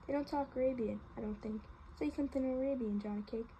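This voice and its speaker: Woman reading a wisecracking teen greaser boy, joking, cheerful, highish, mellow, faint hiss. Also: fast, poor audio.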